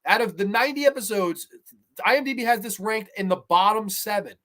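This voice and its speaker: A man hosting a horror podcast, casually reviewing episodes with excited, profane chatter. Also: high voice, brisk. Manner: excitable, profane, laughs while retelling.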